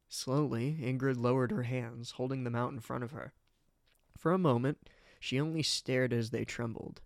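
A man's voice: mid-range voice, steady tone, normal speed, vocal fry, dry recording. Man narrating a story, dry sound. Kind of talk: reading fan fiction aloud.

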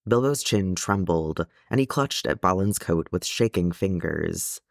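Deep-voiced man reading a story. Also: animated, measured pace, gravelly, no echo, studio quality. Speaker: audiobook reader. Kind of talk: fan fiction audiobook narration.

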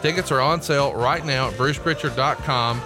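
A man's voice: medium pitch, moderate pace, over music. Man, upbeat podcast co-host, promotional, casual. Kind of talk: casual podcast chat with ad reads.

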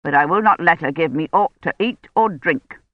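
A woman voicing a feverish, bitter old noblewoman who speaks in a sharp, raised, accusing way, in a dull lo-fi recording. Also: low voice, normal speed, no room sound.

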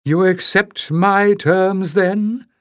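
A man reading an audiobook and voicing a cold, ancient male piper who talks in a slow, measured, calculating way. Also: high voice, fairly even intonation, no room sound, studio quality, pitched above the performer's own voice. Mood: probing. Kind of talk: audiobook character voice.

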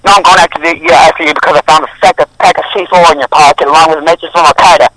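A man's voice: a little high, fairly even intonation, very fast, a crowd in the background, lightly acted, rough recording. Man doing an offhand airport guard. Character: casual male airport security guard, unbothered.

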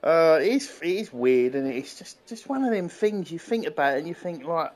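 A man from the UK co-hosting a podcast in casual chat, hesitant and restarting often, lively when he quotes others. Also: fairly high pitch, moderate pace. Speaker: podcast co-host.

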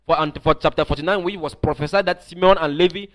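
A male preacher with a slightly raised pitch delivers an online teaching sermon. He speaks emphatically, circling back and repeating words as he builds his points. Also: fast talker. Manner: emphatic, repeats and restarts phrases.

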